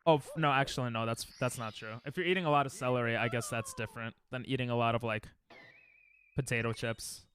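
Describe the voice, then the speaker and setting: Speedrunning on a home stream, this young man rambles and cracks jokes with his chat as he plays. He speaks quickly in a steady, mid-range, slightly bright voice, with slight background noise.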